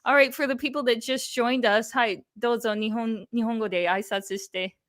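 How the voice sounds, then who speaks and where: A young woman with a Michigan accent hosting a livestream chat, upbeat and quick to laugh, switching into Japanese now and then. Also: fairly high pitch, fairly even intonation, a bit bright. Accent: Michigan American. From Michigan, USA. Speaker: host.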